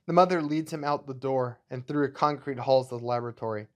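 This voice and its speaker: A man's voice: mid-range voice, a little fast. A man hosting his channel, reading his own screenplay aloud in a plain, matter-of-fact way. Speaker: channel host.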